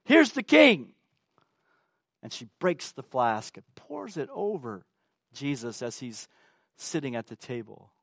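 A man's voice: mid-range voice, sing-song, unhurried, vocal fry, no echo, clean studio sound. A man preaching a sermon, emphatic and asking the congregation rhetorical questions.

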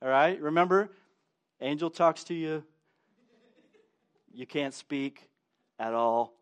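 High-voiced playful male pastor. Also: slow pace, clean tone. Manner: playful, acts out voices of the characters. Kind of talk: sermon. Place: church sanctuary with a congregation.

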